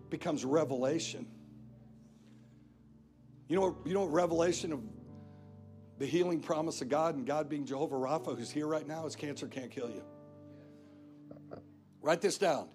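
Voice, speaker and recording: Guest-preaching in a church, a man drives his points home again and again with emphatic, repeated phrases. His voice sits on the high side with a darkish tone.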